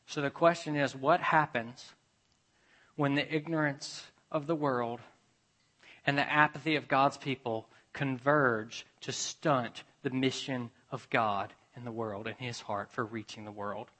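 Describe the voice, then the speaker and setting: Man, pastor, sermon, storytelling, bright tone, animated delivery. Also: mid-range voice, a little slow. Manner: animated, switches between loud emphasis and hushed asides.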